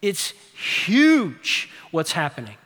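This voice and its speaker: A male pastor preaching a sermon, swinging from loud urgent peaks to hushed low asides. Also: huge pitch swings, slow pace, long reverb tail. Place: church sanctuary.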